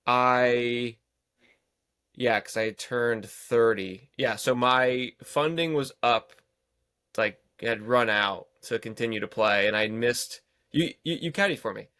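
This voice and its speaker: A man's voice: medium pitch, slow pace, pushed and bright, smooth, no echo, studio quality. Rambling thirtysomething man telling stories. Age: 30s. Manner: rambling, self-deprecating anecdotes. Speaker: golf pro guest. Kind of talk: casual podcast storytelling.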